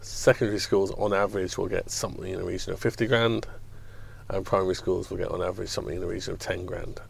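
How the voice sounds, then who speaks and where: A man's voice: sits low, flat delivery, fast, gravelly, a little hiss or hum. A man on a news podcast panel, giving wry, sardonic commentary in casual discussion. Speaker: education journalist on panel.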